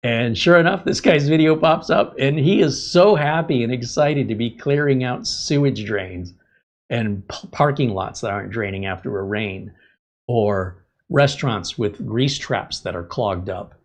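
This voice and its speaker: A man's voice: mid-range voice, a little slow. Chatty male host telling stories. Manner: chatty, rambling storyteller. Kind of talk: casual live-stream monologue.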